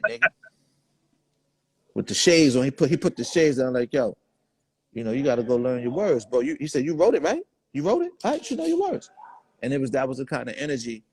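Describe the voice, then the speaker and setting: A man's voice: medium pitch, breathy edge, no room sound. A man, the guest in a casual interview, telling laid-back stories full of quoted dialogue. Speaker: guest artist.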